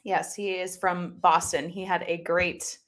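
Reading live chat on a casual stream from her home desktop, this young woman has a fairly low, fairly bright voice. Her tone is level and unhurried, though her chatter is upbeat and full of fillers.

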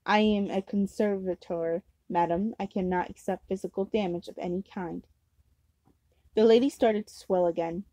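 A woman's voice: medium pitch, fairly even intonation, moderate pace, warm tone, no room sound, poor audio. A woman reading a novel aloud at home, unpolished, with slips and restarts. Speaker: amateur reader.

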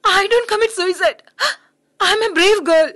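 A woman's voice: sits high, normal speed, fairly bright tone, dry recording, studio quality. A woman dubbing a proud, tomboyish young woman in a film drama, talking in a reproachful, sarcastic way. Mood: tearful. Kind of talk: English dub of a film drama.

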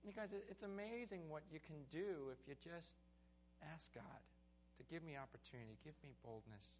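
A man, a pastor preaching a sermon and telling stories animatedly, then praying softly at the close. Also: fairly high pitch, moderate pace. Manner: animated storytelling, building to excited peaks; soft, hushed prayer voice. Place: church sanctuary. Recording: dull, slightly noisy sermon recording.

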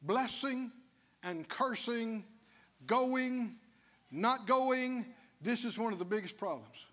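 A male pastor delivers an animated sermon. His voice sits very high, and he breaks into mock whining prayers and laughter. The sound carries a long church-hall reverb. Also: slow. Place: church sanctuary.

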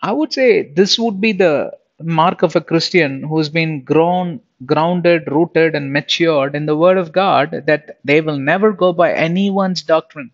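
Man preaching, slightly higher voice, lo-fi sound. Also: measured pace. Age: young adult. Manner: conversational preaching, asks the listeners questions. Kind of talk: sermon.

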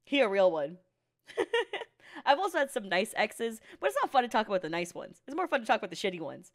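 Animated high-voiced woman reacting to anime. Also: quick pace. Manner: animated and profane, laughs often; candid storytelling about her past. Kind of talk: casual reaction commentary.

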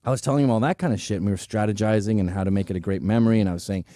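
A man's voice: fairly low pitch, very fast, warm tone, dry recording, studio quality. A man in his forties hosting a show, delivering a profane, sarcastic comedic rant. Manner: profane, sarcastic, acts out quoted voices. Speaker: show host.

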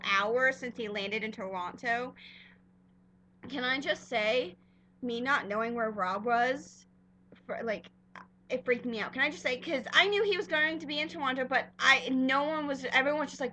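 Gushing young woman, high bright voice. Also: a little hiss or hum. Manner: gushing, rambling fan talk with many fillers. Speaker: fan vlogger. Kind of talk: casual vlog chat.

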